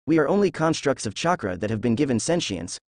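A man reading a calm, gentle female cat spirit. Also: medium pitch, fast, no echo, studio quality. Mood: patient.

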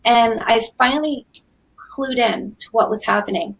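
Canadian lady in her 40s running a webinar, kinda husky, high-ish voice, super chatty. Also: unhurried, dull audio. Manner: energetic and chatty, lots of fillers. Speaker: dating coach hosting a webinar. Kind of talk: live webinar talk.

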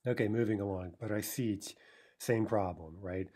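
A man's voice: lowish voice, moderate pace, warm tone, breathy edge. A man teaching a recorded language lesson, explaining step by step and checking in with "right?" as he sounds out verb forms. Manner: pronounces foreign verb forms carefully.

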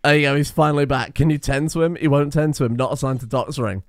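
A young man giving casual, excitable let's-play commentary, swearing and laughing at in-game disasters. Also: mid-range voice, fast, no echo, studio quality. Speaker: gaming video host.

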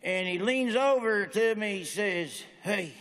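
A man's voice: high voice, a little slow, a bit bright. A man in his forties doing a stand-up comedy routine with folksy, punchy joke delivery in a large auditorium. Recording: echoey hall with faint noise.

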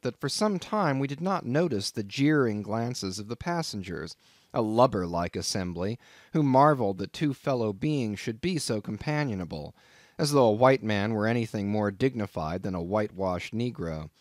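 A man reading a classic novel aloud as an audiobook narrator, in a measured, dramatic storytelling manner. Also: on the low side, lively intonation, dry recording, studio quality. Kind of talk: scripted narration.

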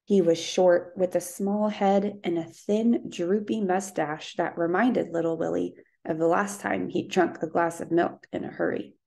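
A woman narrating a children's novel aloud in a steady, even storytelling manner. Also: on the low side, a little slow, creaky, hardly any pauses. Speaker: audiobook narrator.

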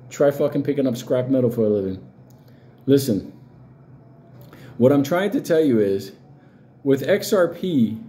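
A man's voice: mid-range voice, dark tone. A man giving blunt, profane crypto commentary, hammering his points with rhetorical questions.

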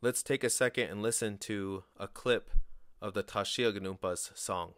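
A man giving a spoken language lesson, slow and deliberate, pronouncing each word on its own. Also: on the low side, fairly bright tone, dry recording, clean studio sound. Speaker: language teacher.

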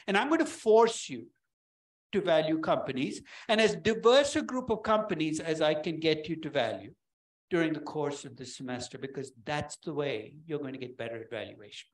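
Male professor, lively conversational lecturer with a joking streak, voice a touch high. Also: poor audio. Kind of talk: university lecture.

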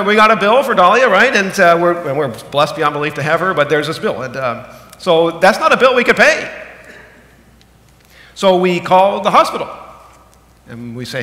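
Loud, emphatic bursts give way to low, slow asides as a pastor in his thirties preaches in a church sanctuary. His delivery is animated, saving the quieter register for key points, and the recording echoes with a long hall reverb.

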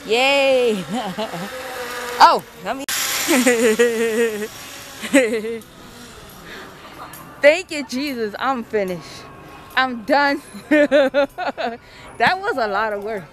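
Out of breath on an outdoor treetop ropes course, a woman films herself with a handheld camera for a casual vlog, exclaiming, laughing, and swearing as she narrates her own struggle. Her voice sits on the high side with a fairly bright tone, and she speaks extremely slowly with long pauses. There's slight background noise.

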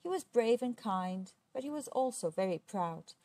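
A woman reading a children's storybook aloud, expressive and steady. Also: a little high, moderate pace, no room sound. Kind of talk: children's book read aloud.

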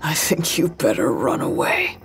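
A woman voicing an unstable, tormented man holding a knife, who talks breathlessly and stutters, veering between whispers and howled shouts, in an audio drama. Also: deep voice, wildly swooping pitch, measured pace, soft background music, voice pushed down, exaggerated voice. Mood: brooding.

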